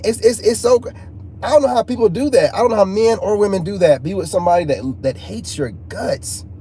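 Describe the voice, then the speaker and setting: Slangy man telling a story, soft hum behind. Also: sits high, lively intonation, fast. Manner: emphatic, repeats himself, casual slang. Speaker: channel host. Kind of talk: casual storytelling to viewers. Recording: faint background noise.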